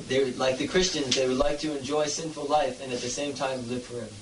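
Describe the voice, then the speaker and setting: A man in a casual discussion, talking in a relaxed way and telling anecdotes. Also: medium pitch, quick pace, noisy background. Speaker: conversation partner. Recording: distant voice in an echoey room.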